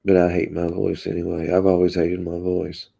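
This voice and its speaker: A man's voice: deep voice, normal speed, gravelly, slightly rough. A man from Kentucky with a Southern drawl, chatting casually on a livestream and answering viewer comments, his voice a bit congested and coughy. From Kentucky, USA. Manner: relaxed drawl, reads and answers chat aloud. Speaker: livestream host.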